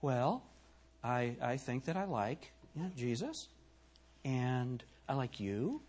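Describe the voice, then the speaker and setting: A man putting on a hesitant, soft-spoken churchgoer with a halting manner. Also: mid-range voice, big pitch swings, pitched below the performer's own voice. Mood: timid.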